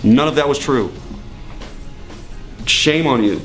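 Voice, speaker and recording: A man's voice: mid-range voice, slow, fairly bright tone, soft background music. A young man telling stories casually in an interview, swearing often and laughing between lines. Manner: profane, rambling, laughs often. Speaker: interview guest. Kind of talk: casual storytelling.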